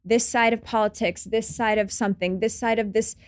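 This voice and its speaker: A middle-aged woman, a guest on a podcast, chatting casually and telling stories with lively acted-out quotes. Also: a little high, a little fast. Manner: animated storytelling, acts out quotes. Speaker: guest, TV show creator and host.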